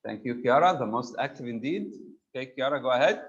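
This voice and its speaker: A man's voice: medium pitch, animated, a little fast. Man, grammar teacher, patient questioning, muffled video-call audio. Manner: patient, prompting students by name. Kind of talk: online grammar class.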